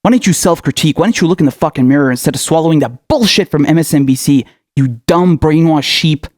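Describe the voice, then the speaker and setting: A man's voice: on the high side, quick pace, darkish tone, no echo, clean studio sound. A young man giving an angry political rant as a commentator, furious and profane, hurling insults. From Middle East.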